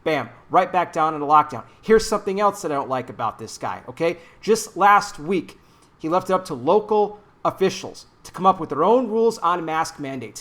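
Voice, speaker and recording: A man's voice: high-pitched, fairly bright tone. A man ranting angrily and sarcastically into his own microphone in a preachy political commentary vlog.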